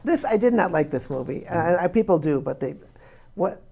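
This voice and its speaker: A woman's voice: fairly low pitch, lively intonation, fairly quick, creaky, warm tone, slightly rough. A woman guest on a radio talk show, quizzing the hosts on movie quotes and exclaiming as she laughs along. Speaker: guest, playwright and comedian. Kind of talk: casual radio chat, running a movie quiz.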